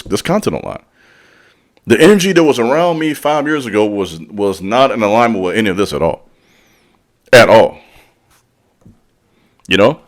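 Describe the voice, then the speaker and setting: A man giving a blunt motivational talk as a spiritual leader, using casual slang, calling out the listener directly and repeating lines for emphasis. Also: mid-range voice. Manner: preachy, direct, calls out the listener. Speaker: channel host and spiritual speaker. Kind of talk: motivational monologue.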